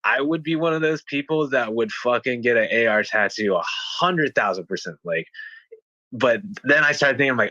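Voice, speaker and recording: A man's voice: medium pitch, moderate pace, pushed and bright, dry recording, dull audio. A man chatting loosely, with lots of filler words and casual swearing. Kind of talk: casual chat.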